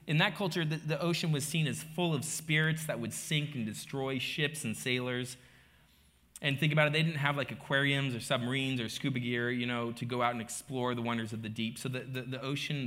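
This middle-aged pastor preaches a sermon, telling the story through rhetorical questions and swinging from quiet asides to loud emphasis. His voice sits at medium pitch with fairly even intonation, and he moves fairly quickly.

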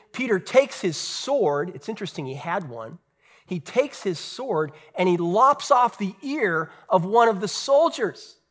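A man, a pastor, preaching a sermon earnestly, with rhetorical questions and dramatic pauses. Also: high voice, fairly bright tone.

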